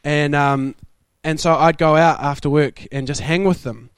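A young man preaching a sermon, telling stories in a lively way and laughing often. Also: fairly high pitch, moderate pace, clean tone, no room sound. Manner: animated, laughing storyteller. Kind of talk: sermon storytelling.

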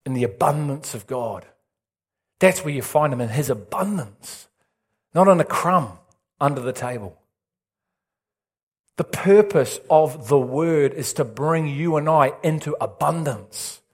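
A male pastor preaching an excitable, animated sermon with big swings in pitch. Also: unhurried, pauses often, husky.

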